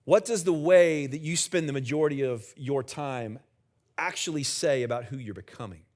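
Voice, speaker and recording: A man's voice: medium pitch, normal speed, darkish tone. A middle-aged man, the senior pastor, preaching a conversational sermon in a church and joking with the congregation. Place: church sanctuary with live congregation.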